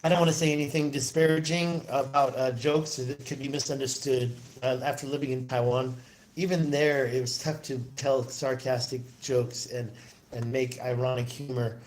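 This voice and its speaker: Guy rambling on a phone livestream, reading out chat comments, normal pitch. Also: level tone, normal speed, a little mellow, a little hiss or hum. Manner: rambling, answers viewer comments aloud. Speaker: livestream host.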